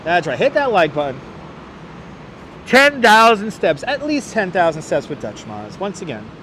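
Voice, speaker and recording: A man's voice: high-pitched, fairly bright tone. Upbeat New York man live-streaming outdoors. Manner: upbeat, greets chat viewers by name, chatty. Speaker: livestream walking-tour host. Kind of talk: casual live-stream chat with viewers. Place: outdoors on city streets. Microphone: wireless clip-on mic. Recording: faint street traffic noise. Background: faint city traffic.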